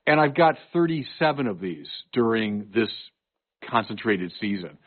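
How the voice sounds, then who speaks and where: A man's voice: lowish voice, big pitch swings, moderate pace. A man in his sixties, a bishop and guest on a talk show, speaking earnestly and telling stories with emphasis. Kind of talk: conversational podcast chat. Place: home studio. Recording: narrow phone-like sound.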